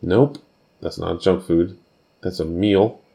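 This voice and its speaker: A man co-hosts a podcast, chatting casually, teasing his partner, and firing off quick questions. His voice is low and mellow, with vocal fry.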